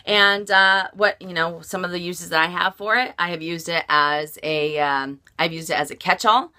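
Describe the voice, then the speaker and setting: A woman vlogger with a sore throat, chatting casually about a handbag she owns and filling pauses with lots of "uh"s. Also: lowish voice, pushed and bright. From United States. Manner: chatty, many "uh" fillers. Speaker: beauty and fashion vlogger. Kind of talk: casual product review to camera.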